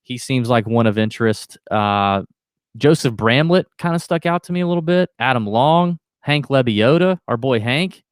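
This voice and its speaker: A man's voice: medium pitch, lively intonation, moderate pace, clear, resonant tone, no room sound, studio quality. A man co-hosting a golf betting podcast, talking in a rambling, jokey way and often breaking off mid-sentence. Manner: rambling, self-interrupting, jokey. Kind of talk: casual chat.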